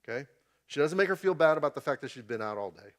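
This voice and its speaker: A chatty man leads an informal Bible class in a church and keeps checking in with his listeners. His voice sits a touch high for a man. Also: expressive, fast, fairly bright tone.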